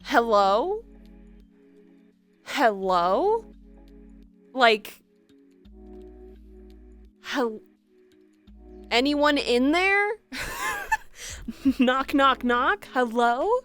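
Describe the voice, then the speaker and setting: A young woman streamer telling a story casually in an animated way, laughing often. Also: on the high side, very slow, pauses often, faint music behind.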